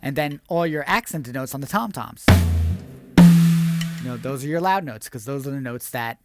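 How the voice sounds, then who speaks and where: A man's voice: medium pitch, expressive, normal speed, over loud music. A man hosting an online drum lesson, explaining exercises step by step in an upbeat way. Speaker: drum teacher.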